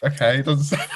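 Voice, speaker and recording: A man's voice: on the high side, bright, forceful tone, husky. A man co-hosting a podcast, chatting casually with enthusiasm and frequent giggles. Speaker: podcast co-host. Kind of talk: casual chat.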